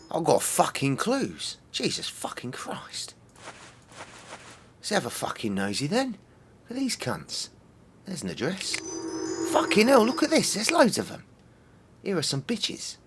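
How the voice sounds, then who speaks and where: A man's voice: medium pitch, a bit bright, a little hiss or hum. A man streaming a mystery game, swearing constantly and sounding exasperated. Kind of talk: casual live-stream commentary.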